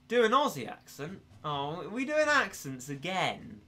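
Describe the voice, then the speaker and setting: A young English man chatting casually while he streams a game, rambling and joking at his own expense. His voice is bright and sits on the high side for a man. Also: sing-song, slow pace. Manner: rambling, self-deprecating, laughs often. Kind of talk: casual gaming commentary.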